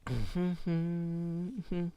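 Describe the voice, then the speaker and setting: A man's voice: fairly high pitch, extremely slow, mellow, smooth. A man live-streaming a game, reading chat messages aloud and answering them in a wry, self-deprecating way.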